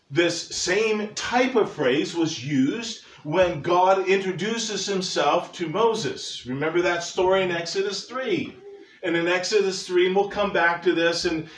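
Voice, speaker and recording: A man's voice: on the high side, slight background noise. An older man preaching a sermon as pastor, folksy and earnest, with joking asides to the congregation. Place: church sanctuary. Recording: echoey church from far off.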